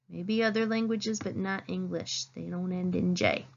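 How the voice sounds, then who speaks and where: A woman teacher giving a phonics lesson, saying each word slowly and clearly and stressing it. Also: lowish voice, fairly even intonation, highs cut off. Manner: slow, clear teacherly dictation, stressing words.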